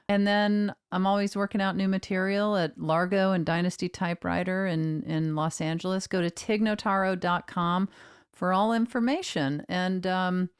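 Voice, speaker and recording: Smooth, dry-voiced woman co-host. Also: medium pitch, dry recording. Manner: laid-back, trailing asides with fillers. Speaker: podcast co-host. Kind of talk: casual chat.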